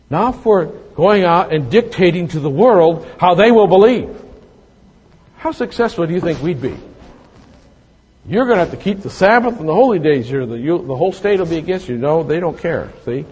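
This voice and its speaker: Preaching under long hall reverb, a fifty-something pastor blends readings from scripture with folksy stories that poke fun at himself. He sounds a bit high, slightly mellow and husky.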